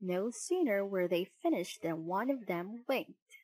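Slow, measured woman reading a storybook. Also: medium pitch, lively intonation, darkish tone, no room sound, poor audio. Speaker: narrator. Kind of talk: storybook narration.

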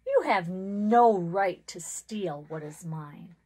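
In a storybook reading, a woman voices a proud, selfish male pond spirit who rants, rising high and loud when upset. The delivery is unhurried and lightly acted.

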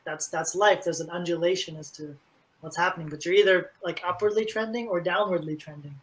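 A man's voice: high voice, fairly quick, low-quality recording. A man being interviewed as a fitness coach, speaking casually and with energy, and filling his talk with "like". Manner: energetic, animated storytelling with many "like"s.

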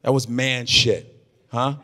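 A man doing improvised stand-up comedy, loud and animated, swearing and shouting his punchlines. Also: medium pitch, takes it slowly, big-room sound.

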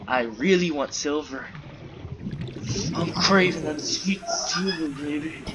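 A man's voice: fairly high pitch, slow, a loud crowd. A man doing goofy, rambling let's play commentary, full of silly wordplay, over game sounds. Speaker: gameplay commentator.

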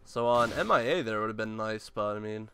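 A man's voice: fairly low pitch, fairly quick, sharp tone, slight background noise. Chatty young man reacting to gameplay. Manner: chatty, reacts with sudden exclamations and laughs. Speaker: gameplay commentator. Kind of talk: casual live gameplay commentary.

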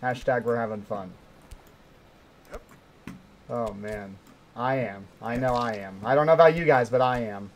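A man's voice: medium pitch, a little slow, pauses often. A young man streaming a climbing game, talking to himself and his chat, often yelping when startled. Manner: excitable, yelps and shouts when startled; talks to himself and chat between plays. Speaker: gaming streamer. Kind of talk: live gameplay commentary. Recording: faint background noise.

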